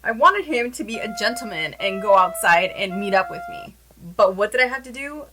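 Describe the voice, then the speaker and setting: A young woman telling a story to her camera in a casual, animated way, with many "like" fillers. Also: mid-range voice, normal speed, slight background noise, low-quality recording. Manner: chatty, animated, lots of "like" fillers.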